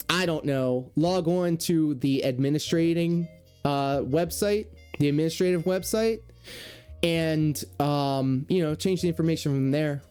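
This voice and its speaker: A man's voice: a little high, darkish tone, smooth. A man who used to work as a cable technician, giving sarcastic, profane reaction commentary.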